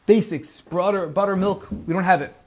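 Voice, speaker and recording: A man's voice: high voice, normal speed, pitched above the performer's own voice. A man voicing a desperate mother who pleads with her son through letters. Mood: pleading. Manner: pleading, letter-reading delivery.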